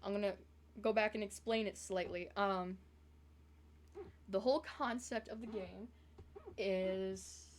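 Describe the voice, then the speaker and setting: A woman's voice: mid-range voice, fairly even intonation, slow pace, long pauses, slight background noise. A woman from the American South chatting casually on a live stream, rambling with lots of fillers.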